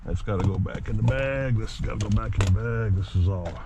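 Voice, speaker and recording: A man's voice: lowish voice, fairly quick. A man chatting casually to his viewers while packing his gear, jokey and easygoing. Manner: chatty, jokey, talks to viewers as guys and boys. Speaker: RC hobby vlogger. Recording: dull lo-fi audio with clear background noise.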